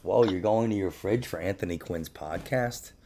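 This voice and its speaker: A man's voice: sits low, moderate pace, warm tone. A man hosting a podcast in loose, profane, rambling chat, often breaking into laughter. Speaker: podcast host. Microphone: podcast microphone.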